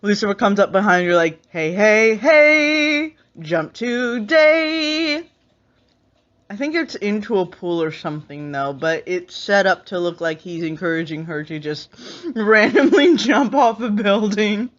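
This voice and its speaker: Mid-range in pitch and speaking at normal speed, a woman reacts to a video with casual sarcasm and plenty of laughs. She's the host, and the recording sounds slightly muffled and lo-fi.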